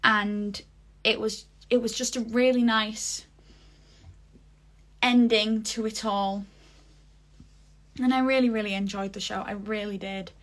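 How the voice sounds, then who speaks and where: A woman's voice: medium pitch, steady tone, unhurried, long pauses, a bit bright. Chatty young woman gushing in a vlog. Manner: chatty, gushing, many fillers. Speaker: vlogger. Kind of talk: casual theatre review vlog.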